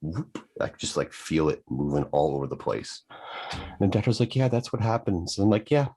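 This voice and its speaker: A middle-aged man chatting on a podcast, rambling through long explanations. His voice is extremely deep with a husky edge. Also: big pitch swings, normal speed, dark tone. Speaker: podcast co-host. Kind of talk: casual chat.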